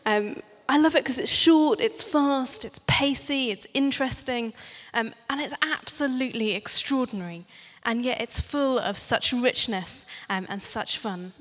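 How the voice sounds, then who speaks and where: A woman's voice: a little high, a little slow, a bit bright. A young woman preaching a sermon in a church, chatty and playful, asking the congregation questions. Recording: long church reverb.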